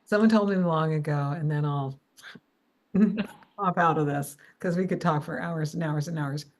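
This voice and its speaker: Woman host with a lowish voice; chatty, encouraging conversationalist. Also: normal speed. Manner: chatty, encouraging, tells anecdotes. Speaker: podcast host. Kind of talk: casual conversation.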